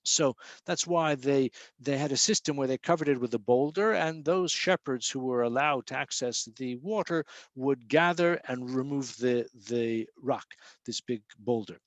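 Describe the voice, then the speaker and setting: Casual, dry-sounding rabbi explaining scripture. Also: male voice, medium pitch, no room sound. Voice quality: fills pauses with many uh and um, restarts phrases. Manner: chanting Hebrew verses slowly, then explaining in English. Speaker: rabbi teaching Torah portion. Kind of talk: informal Torah class.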